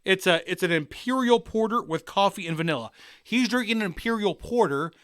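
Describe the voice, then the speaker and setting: Wysoki, jasny głos luźnego prowadzącego. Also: male voice, high-pitched, fairly quick, clear, resonant tone, dry recording, studio quality. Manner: crude, excitable, rambling. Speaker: podcast co-host. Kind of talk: casual podcast banter.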